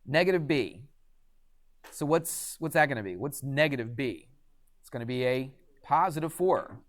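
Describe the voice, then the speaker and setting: In a classroom, a man teaches math with a chatty style, often quizzing his students with questions. His voice is mid-range and animated, and he talks at a normal speed.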